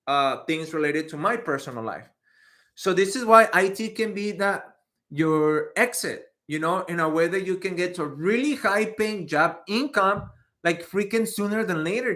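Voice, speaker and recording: A man in his thirties, an IT career coach, chatting casually on a livestream and answering viewer questions with animated, slangy talk. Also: high voice.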